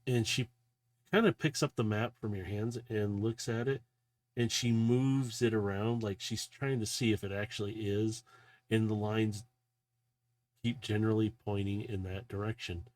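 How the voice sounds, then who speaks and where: A man's voice: lowish voice, steady tone, normal speed. Casual man narrating as game master. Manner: casual, loose narration with frequent "kinda".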